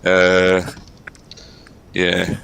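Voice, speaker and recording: A man's voice: deep voice, monotone, extremely slow, vocal fry, fairly bright tone, smooth, poor audio. A man co-hosting a football watchalong, jokey and doing mock commentary. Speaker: fan channel co-host. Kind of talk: live match watchalong chat.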